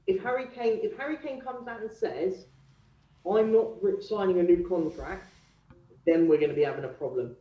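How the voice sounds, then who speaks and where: A man's voice: sits high, normal speed. A male football fan calling in, talking passionately and animatedly. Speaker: caller. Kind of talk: fan phone-in chat. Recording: echoey, distant, muffled call audio.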